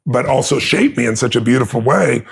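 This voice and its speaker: A man's voice: medium pitch, lively intonation, a little fast, creaky, husky. A man telling his life story in an earnest, emphatic motivational way.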